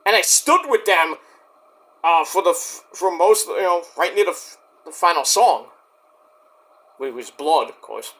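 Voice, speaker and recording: A man speaks straight to the camera in a rambling vlog rant, his voice sitting high for a man. He is indignant and defensive, repeats himself, restarts his sentences and swears freely at the people who doubt him. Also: animated, a little slow, pauses often, fairly bright tone. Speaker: YouTube wrestling reviewer. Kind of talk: ranting vlog address to critics.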